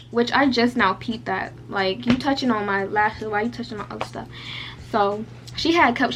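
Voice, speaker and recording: A woman's voice: fairly high pitch, fairly bright tone, a little hiss or hum. Chatty young woman telling a storytime. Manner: chatty, lots of "like" fillers, candid and profane. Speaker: beauty vlogger. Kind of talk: casual storytime.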